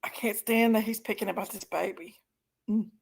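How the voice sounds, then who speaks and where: A woman's voice: medium pitch, fairly even intonation, moderate pace, gravelly, breathy edge. A woman hosting a live stream, reacting to videos with indignant, exasperated commentary to her chat. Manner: indignant, exasperated, keeps apologizing to viewers.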